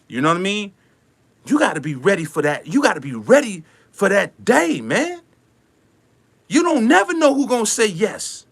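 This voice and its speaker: Animated man giving a preachy rant. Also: sits high, normal speed, creaky. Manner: animated, preachy, acts out little scenes. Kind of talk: motivational rant.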